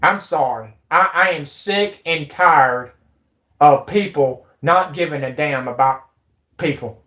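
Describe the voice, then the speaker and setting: A man delivers a rambling, agitated livestream rant, swearing as he goes and talking straight to his viewers. His voice sits a little high for a man. The room around him is echoey and bare. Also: takes it slowly, sharp tone. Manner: agitated, rambling, swears freely, addresses viewers as folks and y'all. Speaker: conspiracy vlogger. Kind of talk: ranting livestream monologue.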